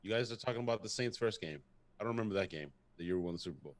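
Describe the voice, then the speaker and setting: Quick-talking man co-hosting a podcast. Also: fairly low pitch, lively intonation, no echo. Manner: teasing, presses the same question. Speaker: podcast co-host. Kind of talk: casual chat.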